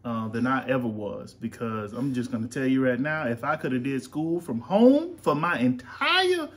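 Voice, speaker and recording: A man's voice: medium pitch, big pitch swings, normal speed. A man, chatting as podcast host and father, rambling with lots of fillers. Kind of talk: casual chat. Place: home.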